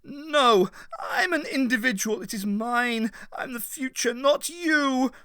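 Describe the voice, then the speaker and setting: A man reading aloud, voicing a furious, possessive young male villain who shouts shrilly. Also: very high voice, expressive, normal speed, no room sound, clean studio sound, voice pushed up, full character voice. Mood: raging.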